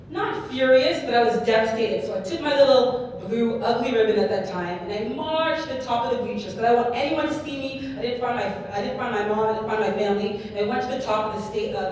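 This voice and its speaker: A woman giving a keynote speech, telling her story in a lively way and often checking in with the audience. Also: fairly high pitch, a little hiss or hum. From Canada. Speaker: keynote speaker. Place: large hall before an audience. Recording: echoey hall, mic far off.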